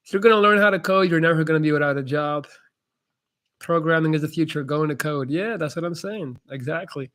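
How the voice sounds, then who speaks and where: A man's voice: on the high side, a little fast, a bit bright. A young man hosting a casual live-stream chat, answering viewers' questions in a blunt, laid-back way and calling people "man".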